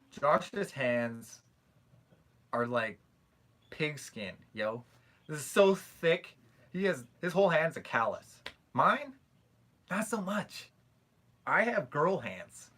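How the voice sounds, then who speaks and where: A young man with a Canadian accent, hosting a casual livestream and chatting, joking and reading comments aloud. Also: medium pitch. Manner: chatty, joking, animated when telling stories. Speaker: livestream host.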